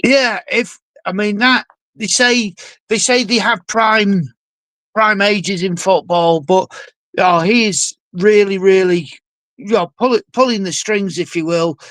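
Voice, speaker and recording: A man with a notably high voice chats about football on a podcast, exuberant and jokey with theatrical asides. His voice is recorded dry and close, with no room sound. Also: slow, fairly bright tone, dry recording. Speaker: podcast co-host. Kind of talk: casual football podcast chat.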